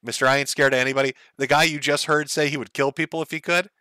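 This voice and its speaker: A man's voice: a little high, steady tone, quick pace, bright, forceful tone, dry recording. A male streamer hosting commentary on clips, sarcastic and profane, often laughing at what he plays. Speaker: streamer host.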